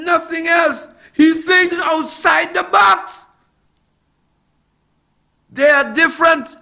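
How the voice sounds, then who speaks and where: A man's voice: extremely high pitch, creaky, pushed and bright. A middle-aged man giving impassioned political commentary, firing off emphatic rhetorical questions and repeating his points.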